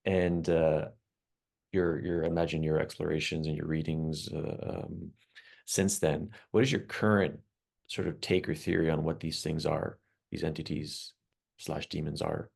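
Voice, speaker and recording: A man's voice: a bass voice, level tone, measured pace, gravelly, a little mellow, slightly rough. A male host who moderates a discussion in a hesitant way, with many fillers.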